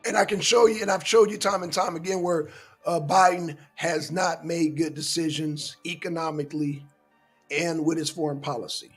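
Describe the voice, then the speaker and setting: A man's voice: fairly high pitch, fairly even intonation, normal speed, slightly rough, soft background music. A man hosting a casual political commentary show, lecturing his listeners emphatically and swearing often.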